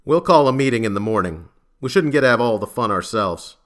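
A man's voice: medium pitch, expressive, brisk, close to an everyday voice. A man doing a terse, tired federal agent.

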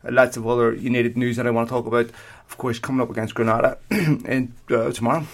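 A man's voice: mid-range voice, fairly even intonation, fast. A man hosting a football podcast in casual, jokey banter with his co-host. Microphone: home podcast microphone with earphones.

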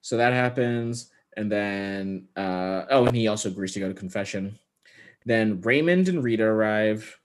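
A man co-hosting a movie podcast, summarizing the plot casually with sarcastic asides and quick quoted lines. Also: lowish voice. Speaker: podcast co-host. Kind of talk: casual chat recapping a movie.

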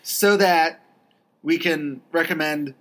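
A woman's voice: deep voice, slow, rough recording. A woman hosting a podcast in casual chat, running through upcoming releases in a matter-of-fact way. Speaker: podcast host.

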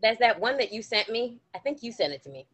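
Lively, playful woman podcast co-host. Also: on the high side, fast, breathy edge. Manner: playful, animated, laughs easily, teasing. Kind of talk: casual chat.

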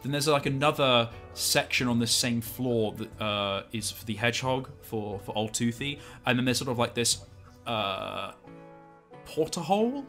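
A man serves as game master of a tabletop role-play game, describing the scene in a loose, rambling way full of fillers. His voice is bright and forward, at a middle pitch. Faint music plays softly behind him. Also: lively intonation, measured pace. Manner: rambling, casual, many fillers.

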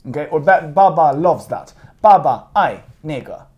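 A man tutoring in a casual lesson, patient and playful, slowing down and repeating words to demonstrate. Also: a little high, animated, dull audio. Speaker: Chinese tutor. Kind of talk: casual one-on-one language lesson.

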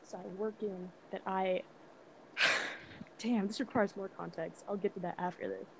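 A young woman, a podcast guest, telling a story in casual chat, animated and profane, acting out both sides with quick restarts. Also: mid-range voice, gravelly, a little hiss or hum, poor audio. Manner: animated, profane, acts out dialogue with stutters and restarts.

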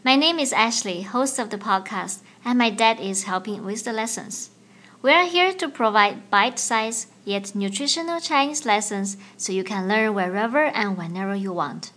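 A woman hosting a language-learning podcast, teaching in a clear, slow, playful way. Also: mid-range voice, lively intonation, a bit bright. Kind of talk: scripted language lesson.

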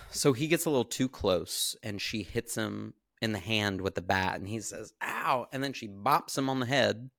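Male podcast co-host with a low voice, lively storyteller who acts out the characters' dialogue, dry sound. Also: moderate pace, vocal fry, no echo. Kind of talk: casual chat, retelling a film.

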